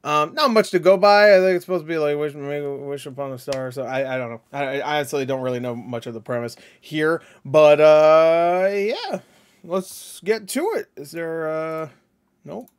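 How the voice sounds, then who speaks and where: A man's voice: on the high side, moderate pace, clean tone. A man hosting a casual movie reaction, rambling and hesitant, often correcting himself mid-sentence.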